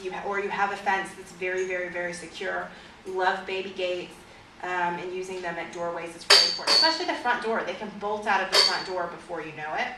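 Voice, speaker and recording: A woman teaching a class on fearful dogs as a trainer, in a lively way, with vivid examples and questions to her audience. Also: medium pitch, a little hiss or hum. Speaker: dog trainer. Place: store or training room with an audience. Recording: echoey room, recorded from a distance.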